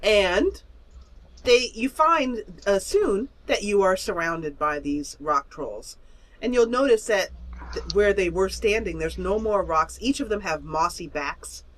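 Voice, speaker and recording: A woman's voice: medium pitch, lively intonation, a little slow. A woman narrating as game master of an online tabletop game, chatty and laughing, with many fillers.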